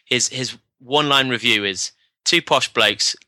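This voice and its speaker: A man's voice: medium pitch, measured pace, pushed and bright, no room sound, studio quality. A man from southern England with a southern English accent, co-hosting a podcast in casual chat, joking and laughing often. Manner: laughs often, jokey, puts on silly voices. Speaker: podcast co-host.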